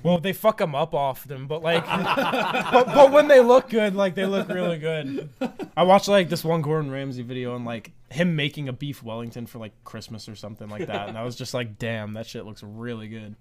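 Casting: shy young male guest, high lively voice, chattering group around. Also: moderate pace. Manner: shy, laughing, hesitant. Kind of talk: casual chat.

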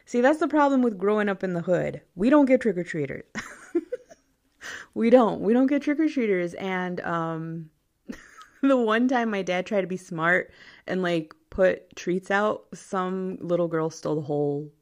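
A woman in her thirties with a Midwestern American accent hosts a podcast, her low-leaning voice unhurried and lively in intonation. She chats casually, laughs often and mixes in Spanish phrases.

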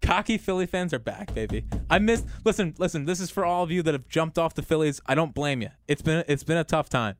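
Young guy cohosting a podcast, giddy and excited, voice bouncing all over, dry close sound. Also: fairly high pitch, a little fast, hardly any pauses, no room sound. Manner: giddy, animated, laughing. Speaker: podcast co-host. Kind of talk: excited casual chat.

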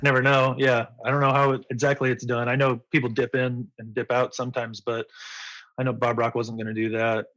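A man's voice: mid-range voice, level tone, a little fast, fairly bright tone, no room sound, rough recording. A man in his forties, a musician being interviewed, talking in a rambling, enthusiastic way. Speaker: musician guest. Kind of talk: casual interview.

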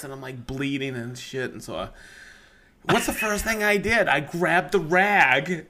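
A man telling a near-miss woodworking story on a podcast in a lively, profane, laughing manner. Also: on the high side, moderate pace.

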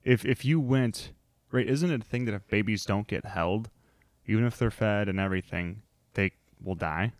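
A man's voice: on the low side, normal speed, no room sound. A man co-hosting a podcast, chatting casually and playfully with his wife, rambling and laughing often. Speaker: podcast co-host. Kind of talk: casual chat.

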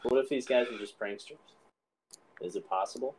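A man's voice: medium pitch, moderate pace, a crowd in the background, poor audio. A man co-hosting a podcast in casual chat, playfully speculating aloud. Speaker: podcast co-host.

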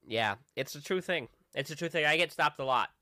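A young man co-hosting a podcast, chatting casually and chiming in with quick remarks. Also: fairly high pitch, animated, pushed and bright. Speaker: podcast co-host. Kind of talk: casual chat.

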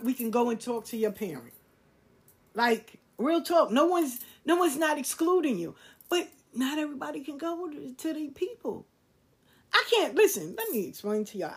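A middle-aged woman hosting a podcast, talking straight to her listeners in a blunt, emphatic, lecturing way, swearing freely. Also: high-pitched. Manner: preachy, lecturing tone. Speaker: podcast host. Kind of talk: candid monologue to listeners.

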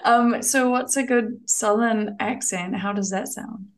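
A young woman with a New Zealand accent and a voice on the high side chats at a measured pace as a guest on a casual podcast interview. She's chatty and self-deprecating, with plenty of fillers and restarts.

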